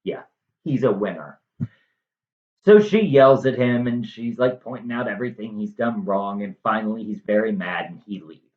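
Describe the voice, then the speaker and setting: A man's voice: on the low side, moderate pace. Sarcastic, chatty male storyteller. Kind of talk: casual, comic retelling. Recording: roomy, slightly muffled room sound.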